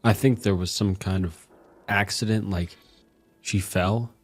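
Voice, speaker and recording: A man acts out a drunk, violent husband with a lowish voice. He rambles crudely, swears freely and boasts in self-pity. Faint music sits under the telling. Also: fairly even intonation, a little slow. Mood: bitter, rambling. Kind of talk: horror story narration.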